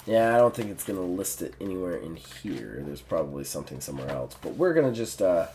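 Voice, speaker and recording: A man's voice: sits low, expressive, brisk, hardly any pauses, dark tone, slight background noise. A man narrating as game master in a casual, rambling way.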